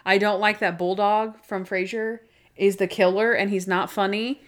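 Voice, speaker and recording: A young woman co-hosts a casual podcast in a steady, medium-pitched voice at normal speed. She's chatty, uses "like" constantly as filler, and laughs at her own jokes.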